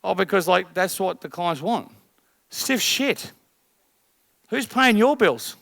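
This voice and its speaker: Coaching a group of business owners, a man speaks bluntly, swears and fires off rhetorical questions. His high, creaky voice moves at normal speed and grows energetic and loud toward the end. The recording is studio quality, with no room sound.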